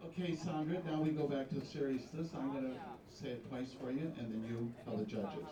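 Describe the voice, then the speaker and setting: A man's voice: mid-range voice, moderate pace. A man hosting a pageant on stage, bantering and teasing the audience and contestants between questions. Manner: chatty, teasing, jokey asides to the crowd. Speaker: pageant host. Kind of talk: live stage emcee banter. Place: large hall with live audience. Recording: echoey hall, distant mic, crowd noise.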